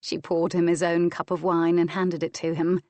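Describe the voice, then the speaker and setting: A woman narrating a historical romance audiobook in an even, measured way. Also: fairly low pitch, dry recording. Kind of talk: scripted narration.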